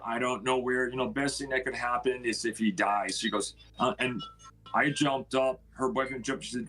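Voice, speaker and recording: Man, mid-pitched, house owner, halting emotional storytelling, acts out the dialogue. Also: steady tone, fairly bright tone, rough recording. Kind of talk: personal storytelling.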